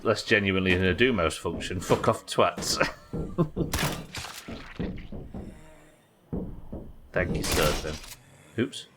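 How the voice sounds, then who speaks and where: A man's voice: sits low, normal speed, background noise. A man hosting a live gaming stream, chatting to viewers and swearing as he plays. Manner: sweary, chatty, talks to chat while playing. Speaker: livestream host.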